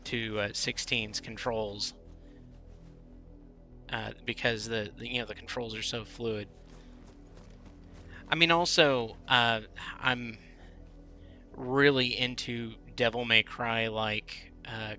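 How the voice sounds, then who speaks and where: Bright-voiced man chatting while gaming. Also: medium pitch. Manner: chatty, many fillers and restarts. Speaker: streamer. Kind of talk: casual gameplay commentary. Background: faint game music.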